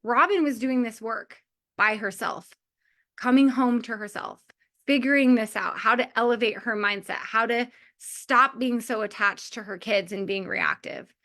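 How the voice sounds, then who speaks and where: A woman's voice: fairly high pitch, a little slow, fairly bright tone. Chatty woman giving a motivational talk. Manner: chatty, lots of filler "like", laughs often. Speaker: mothers' community leader.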